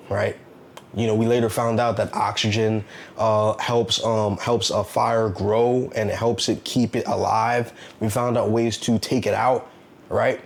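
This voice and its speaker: A man talks straight to the listener in a casual, earnest motivational monologue. He sounds preachy, circles back on his points and keeps asking rhetorical questions. His voice sits at an ordinary middle pitch. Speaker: self-help vlogger.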